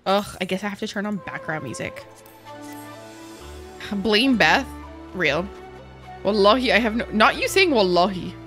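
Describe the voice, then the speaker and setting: Bright-voiced woman streamer. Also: mid-range voice, huge pitch swings, soft background music. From Canada. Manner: chatty, profane, quick to react to chat, switches into Arabic. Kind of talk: casual live-stream chat while gaming.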